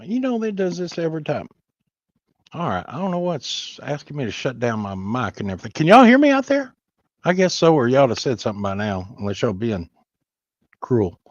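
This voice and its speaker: A man's voice: medium pitch, big pitch swings, a little fast, dry recording. Folksy male stream host, rambling and chatty, dry lo-fi sound. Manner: rambling, folksy, chats to viewers. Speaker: comic book collector hosting a live stream. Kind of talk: casual live-stream show-and-tell.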